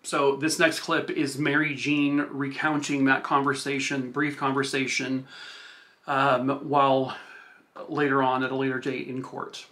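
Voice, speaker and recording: A man's voice: medium pitch, monotone, unhurried, pushed and bright. A male true crime podcast host retelling a case in a loose, casual way, using filler words like "like" and "I guess".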